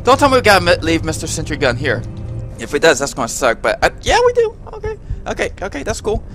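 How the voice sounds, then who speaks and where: A man giving casual let's-play commentary, excitable and quick to exclaim. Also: fairly high pitch, soft background music.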